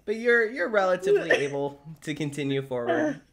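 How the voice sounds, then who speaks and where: Laughy gm running a live tabletop game, pitch all over the place, video call. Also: huge pitch swings, brisk, crowd noise. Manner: laughing, playful. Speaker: game master.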